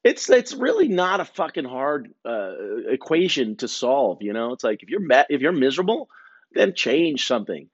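A man's voice: medium pitch, very animated, normal speed, husky, no echo, dull audio. A man in his forties hosting a podcast, talking in a casual, profane, meandering way and poking fun at himself. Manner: profane, meandering, self-mocking. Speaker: podcast host. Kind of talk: casual rambling monologue.

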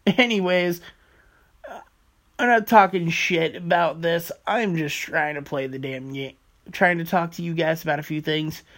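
A man's voice: fairly high pitch, a little slow, a bit bright. A man hosting his own podcast in a casual, rambling monologue, swearing freely as he talks. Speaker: podcast host.

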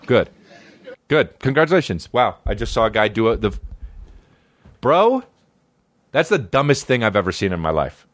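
A man's voice: on the low side, sing-song, moderate pace, long pauses. A man riffing in a casual comedic monologue, rambling and profane, breaking into silly put-on voices. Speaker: comedian podcast host.

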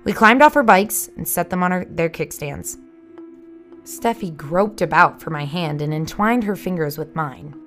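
Hushed, low-voiced woman storyteller. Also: lively intonation, moderate pace, soft background music. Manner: hushed, tense, dramatic. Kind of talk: first-person scary story narration.

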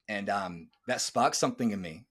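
A man in his thirties hosts a podcast and recounts his own past with candid earnestness. His voice sits on the lower side, with a husky grain, and he drops casual swear words. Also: moderate pace, a bit bright. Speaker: podcast host. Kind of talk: personal storytelling on a podcast.

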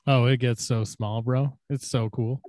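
A man's voice: mid-range voice, fairly even intonation, measured pace, dry recording, studio quality. Profane young man telling a crude story. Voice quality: loose and profane, acts out shouted quotes. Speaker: podcast co-host.

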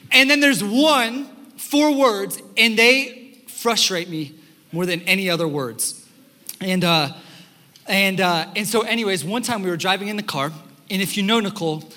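A young man preaching a sermon as pastor, telling stories in an animated, conversational way with fillers, in a church sanctuary. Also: high-pitched, unhurried. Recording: long hall reverb in a church.

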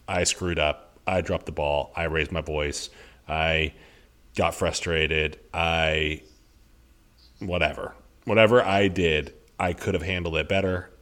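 Low-voiced earnest father on a podcast. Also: fairly even intonation, takes it slowly, a bit bright. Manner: earnest, reflective, many restarts. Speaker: podcast co-host. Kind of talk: casual conversation.

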